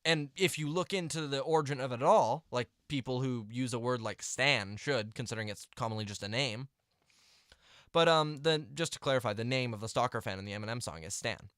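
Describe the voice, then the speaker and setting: A man's voice: medium pitch, fairly quick, a bit bright, dry recording, studio quality. A young man ranting to camera in a vlog, exasperated and rambling, with restarts and mumbled asides. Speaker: vlogger.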